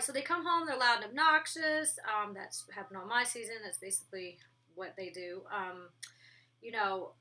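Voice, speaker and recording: A young woman reviewing a reality show in a casual vlog, blunt and profane, talking with lively storytelling. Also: fairly high pitch, recorded from a distance. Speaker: reality show reviewer, former cast member.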